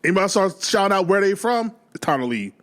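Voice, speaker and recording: Laughing, rambling reaction host. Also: male voice, high-pitched, very animated, quick pace, a bit bright. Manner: loose, laughing, rambling with restarts. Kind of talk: casual reaction commentary.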